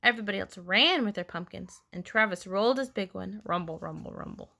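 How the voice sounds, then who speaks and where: A woman reading a children's story aloud, expressive, with playful sound effects. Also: medium pitch, fairly quick, vocal fry. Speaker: storybook reader.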